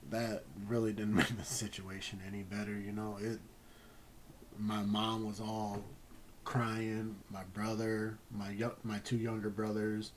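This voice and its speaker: A man telling a personal story in a casual, rambling way, halting often and swearing freely. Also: fairly low pitch, little pitch movement, a little hiss or hum, rough recording. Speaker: gaming channel host.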